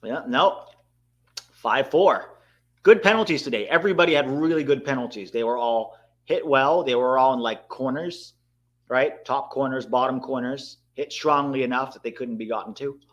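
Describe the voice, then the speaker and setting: Excitable man commentating a live watchalong. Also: mid-range voice, moderate pace, muffled recording. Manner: excitable, bursts out at big moments, talks to chat. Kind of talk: live match commentary and chat.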